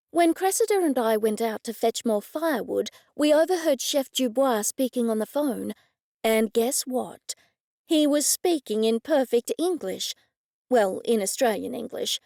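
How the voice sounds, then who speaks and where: A woman narrating an audiobook in a steady, even storytelling manner. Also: a little high, vocal fry, no echo, studio quality. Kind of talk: scripted narration.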